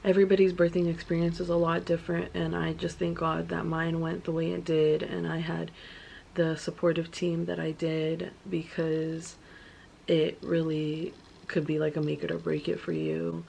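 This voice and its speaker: A woman's voice: low voice, monotone, normal speed, creaky, a little mellow, slight background noise. A young woman vlogger telling her story in a casual, chatty way, full of filler words.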